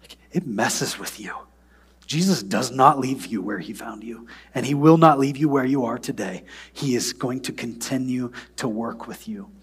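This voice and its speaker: A man preaching a sermon, moving between loud, emphatic passages and soft, near-whispered prayer. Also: medium pitch, moderate pace, husky. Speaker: pastor.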